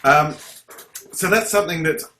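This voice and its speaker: A man's voice: on the high side, moderate pace, background noise. A man teaching a live ukulele lesson on a video call, chatting, breaking off mid-sentence and counting strums aloud. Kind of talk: live online music lesson. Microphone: computer video call. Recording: echoey room on a video call.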